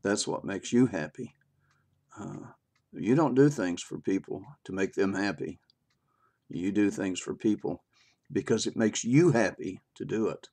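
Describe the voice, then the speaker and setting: An older man giving his opinion in an unscripted video monologue, halting and folksy, with many fillers and restarts and occasional chuckles. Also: on the low side, dark tone. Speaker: vlogger sharing his opinion.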